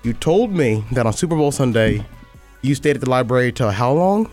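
A man's voice: mid-range voice, brisk, soft background music. A young man hosting a college sports radio show, joking casually with his co-hosts in the studio. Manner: animated, sing-song intro delivery. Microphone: studio microphone.

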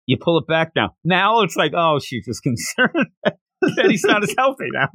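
A man talks animatedly through a manga chapter, jumping into characters' voices as he explains. His tone is bright and forceful. The sound is close and dry, with no room echo. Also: on the high side, normal speed, husky. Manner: animated, acts out characters' lines. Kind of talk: casual chat about a manga.

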